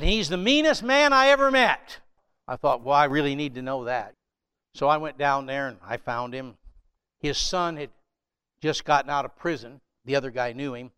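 A man's voice: a little high, fairly bright tone, smooth. An older American man in his seventies, a pastor preaching a sermon in a conversational, storytelling way, with emphatic rises as he drives points home.

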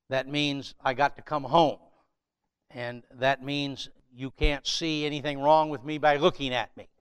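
An older pastor in his seventies preaches in a relaxed storytelling way, slipping into emphatic raised lines when he presses a point. His voice sits a little high for a man, smooth and clear. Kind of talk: sermon.

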